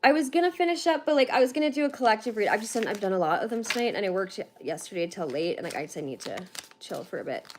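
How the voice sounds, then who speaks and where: A tired young woman from Canada, chatting fast on a livestream with lots of fillers while she gives a card reading. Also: mid-range voice, lively intonation, noisy background. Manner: fast-talking, chatty, laughs often, many fillers. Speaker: tarantula reader on a livestream.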